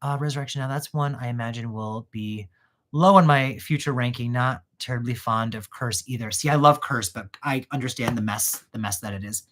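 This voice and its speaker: A man's voice: mid-range voice, a little fast. Man ranting animatedly about movies. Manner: animated, ranting, goes off on tangents. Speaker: channel host. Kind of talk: casual chat while gift wrapping.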